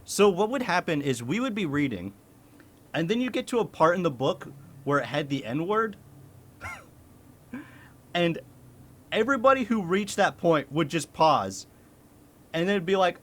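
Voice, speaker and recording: A young male streamer from the States rambles to his chat in a loose, casual way. His voice sits a little high and leaps around a lot, and he keeps breaking into laughter and the odd curse. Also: a little slow, pauses often. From United States. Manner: laughs often, swears, animated.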